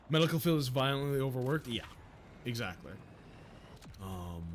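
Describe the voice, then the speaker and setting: A young man from the United States giving casual, profane, jokey commentary while streaming a game, breaking into loud excited outbursts. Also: mid-range voice, a little hiss or hum. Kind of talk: casual gameplay livestream commentary.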